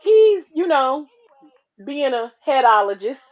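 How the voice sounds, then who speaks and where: Woman in her 40s, co-host, high voice, blunt animated storyteller, dull lo-fi recording. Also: slow pace. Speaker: podcast co-host. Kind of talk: casual chat.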